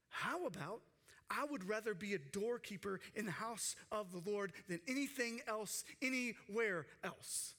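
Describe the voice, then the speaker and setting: A man preaching a sermon with passion, acting out quoted cries and dropping to hushed tones for emphasis. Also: high voice, animated, unhurried. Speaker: pastor.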